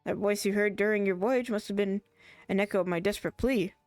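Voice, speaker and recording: A woman's voice: medium pitch, brisk, darkish tone, no echo, faint music behind, lightly acted. A woman streamer voicing an earnest ancient female guardian, reading game dialogue aloud dramatically in her own voice.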